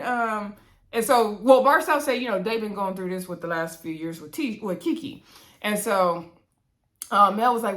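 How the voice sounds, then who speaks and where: A woman's voice: mid-range voice, expressive, moderate pace, fairly bright tone. A woman casually recapping a reality show, chatty and laughing, acting out the cast members' lines in quoted voices.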